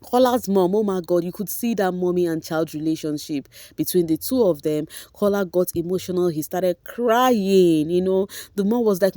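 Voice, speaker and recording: A woman with a Nigerian accent in a casual vlog, giving an emotional, animated recap of a reality show and slipping into Pidgin now and then. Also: mid-range voice, normal speed, few pauses, no room sound.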